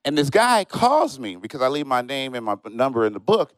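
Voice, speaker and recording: A man doing a stand-up comedy set on stage, telling stories in an animated way and acting out the people in them. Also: mid-range voice, a little fast, hardly any pauses, no room sound. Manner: animated storytelling, acts out friends and strangers in quoted voices. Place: comedy show stage, live audience.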